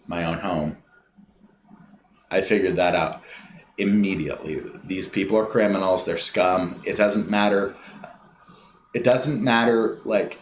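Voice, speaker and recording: A man delivering a rambling, scornful ranting monologue, mocking other people in quick put-on impressions. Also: mid-range voice, a little hiss or hum. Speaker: commentator. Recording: echoey room with faint ambience.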